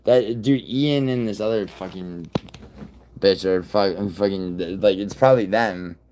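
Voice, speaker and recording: A man hosting a live stream, chatting loosely with viewers in a profane, rambling way, with sudden loud outbursts. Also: sits low, a little slow, a little hiss or hum. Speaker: livestream host. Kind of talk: casual live-stream chat reacting to viewers.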